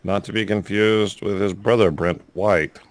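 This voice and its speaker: A man's voice: fairly low pitch, fairly even intonation, moderate pace, no room sound. A man co-hosting a podcast, tossing in sardonic wisecracks during casual chat. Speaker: podcast co-host.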